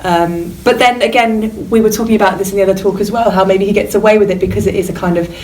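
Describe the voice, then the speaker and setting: A woman's voice: fairly even intonation, quick pace, a little mellow. Chatty woman discussing a novel, mic far off. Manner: chatty, jokey, acts out characters in high voices. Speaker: guest teacher. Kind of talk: casual literature discussion. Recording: distant mic with faint noise.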